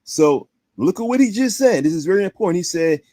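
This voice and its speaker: A man's voice: sits high, expressive, brisk, mellow, no room sound, clean studio sound. A man hosting a stream, indignantly commenting on a clip with pointed rhetorical questions. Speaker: stream host.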